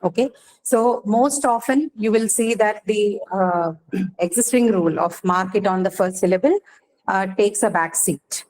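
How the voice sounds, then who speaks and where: A woman's voice: medium pitch, unhurried, a little mellow, low-quality recording. Woman teacher explaining word stress. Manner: explaining patiently, asking checking questions. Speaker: English teacher. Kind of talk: classroom lecture.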